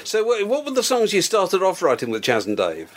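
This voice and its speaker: A man's voice: sits high, huge pitch swings, fairly quick. A man interviewing a musician, asking eager questions and repeating words as he gets them out. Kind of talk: conversational interview.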